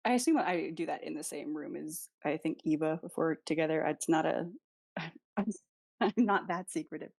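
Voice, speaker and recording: Playful woman player, lowish voice. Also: normal speed, creaky, darkish tone, breathy edge. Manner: playful, joking. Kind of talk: casual tabletop play.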